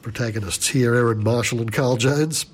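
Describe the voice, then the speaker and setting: Wry husky radio presenter man. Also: mid-range voice, moderate pace. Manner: wry, amused asides. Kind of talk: relaxed music radio links.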